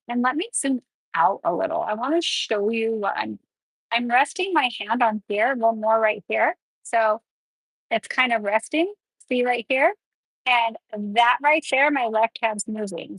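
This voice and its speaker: Woman nail educator, chatty step-by-step delivery, husky tone, dry close sound. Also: a little high, no room sound, poor audio. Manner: chatty, explains each step while working. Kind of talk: live nail tutorial.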